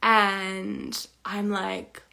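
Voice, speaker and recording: A woman's voice: mid-range voice, little pitch movement, drawn-out words, gravelly, pushed and bright. A young woman sharing a personal story in a chatty, emotional way, full of fillers. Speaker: spiritual teacher.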